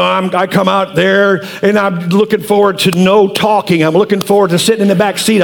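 A man in his sixties, a pastor telling a story in a sermon in an animated, earnest way. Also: high voice, gravelly.

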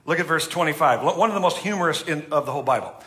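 Middle-aged american guy preaching, funny and chatty, bright kinda high voice. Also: lively intonation, rapid-fire. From United States. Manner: humorous, chatty preaching with acted-out quotes. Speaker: pastor. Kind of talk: sermon.

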